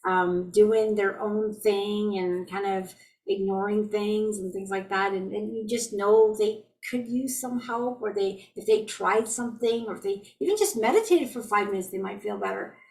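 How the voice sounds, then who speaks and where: A middle-aged woman leading an online group healing call, chatting about everyday frustrations in a gently reassuring, anecdotal way. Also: medium pitch, moderate pace. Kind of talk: casual spiritual talk to a group. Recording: voice distant from the mic.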